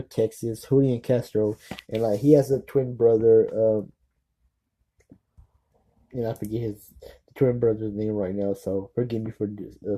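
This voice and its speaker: A man chats casually to his viewers in a deep, very dark tone. He talks haltingly, restarts often, and keeps apologizing for his slips. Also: rough recording. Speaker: political vlogger. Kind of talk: casual unscripted commentary.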